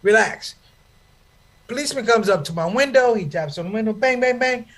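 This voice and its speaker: A man doing stand-up comedy storytelling. He is animated and addresses the crowd in a preachy way. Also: very high voice, quick pace.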